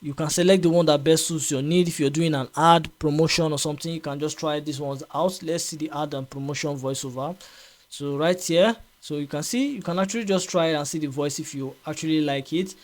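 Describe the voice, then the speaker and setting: A man explains software in a casual screen-recorded tutorial, his voice sitting a little higher than most men's. He talks in a loose, repetitive way, filling gaps with "um" and checking in with "right?". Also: brisk. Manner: chatty, repeats himself, frequent fillers and "right?" checks. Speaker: tutorial host.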